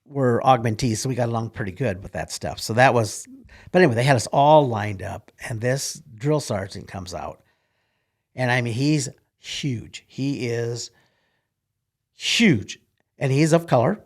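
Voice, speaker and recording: A man's voice: mid-range voice, unhurried. An older man, a retired military officer, telling folksy rambling stories in an interview. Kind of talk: casual storytelling in an interview.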